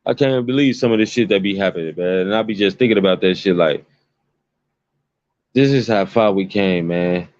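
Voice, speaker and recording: A man's voice: low-pitched, normal speed, darkish tone, no echo. Profane man ranting, dull lo-fi audio. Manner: emphatic, repetitive, swears constantly. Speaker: commentary vlogger. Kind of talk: profane rambling commentary. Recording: dull lo-fi dry recording.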